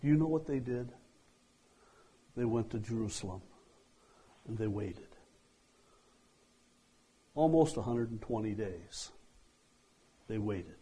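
A man preaching a sermon, slow and deliberate, acting out quoted dialogue and letting lines trail off softly. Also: mid-range voice, breathy edge, poor audio.

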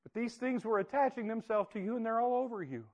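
A man quoting the gentle, still small voice of God in a soft, quiet way. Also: extremely high pitch, fast, muffled recording. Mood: tender.

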